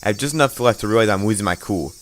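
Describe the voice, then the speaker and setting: Low-voiced man reading game text. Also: expressive, racing, slight background noise. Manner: tense reading with stumbles and asides. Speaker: let's play narrator.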